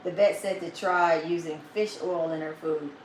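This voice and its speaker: A woman hosts a relaxed home livestream. She laughs often and slips into baby talk with her dog. The sound is echoey, with a faint hum of room noise behind her. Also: sits low, normal speed. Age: 50s. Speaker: vlogger hosting a live chat. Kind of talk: casual livestream chat.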